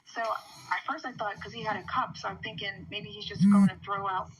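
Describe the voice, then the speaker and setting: A woman's voice: medium pitch, steady tone, brisk, background noise. A woman giving a rambling statement to a police officer, full of "like" and retold quotes, picked up on a bodycam. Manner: rambling, heavy use of "like", voices other people when retelling.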